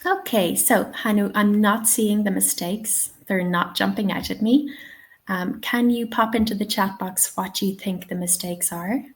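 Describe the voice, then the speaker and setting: A woman's voice: mid-range voice, steady tone, measured pace. A woman hosting a live webinar, patiently answering questions and giving spoken examples. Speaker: English teaching trainer.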